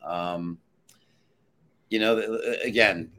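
A deep-voiced man works as a betting handicapper on a sports talk panel. He states his picks firmly and emphatically, with no doubt in his delivery. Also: steady tone, very slow, bright, forceful tone. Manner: assured, emphatic pick-maker.

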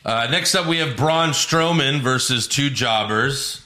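A man hosting a wrestling podcast, casually recapping matches and mimicking wrestlers with loud mocking shouts. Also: mid-range voice, a little slow. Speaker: podcast host.

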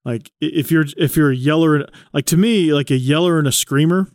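A man's voice: fairly high pitch, a little fast, a little mellow, no room sound, studio quality. A man hosting a casual chat, explaining things at length with many fillers.

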